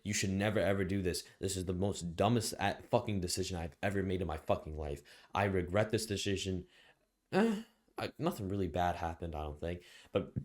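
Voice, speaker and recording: Young male vlogger, low voice, slangy profane storyteller with loud outbursts. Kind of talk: casual storytime monologue.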